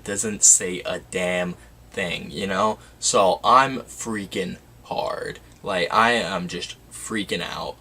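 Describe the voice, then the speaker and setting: A man's voice: low-pitched, slow pace, sharp tone, a little hiss or hum. A young man telling a story for his vlog in a casual, dramatic way, full of "like" and "you know". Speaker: YouTuber.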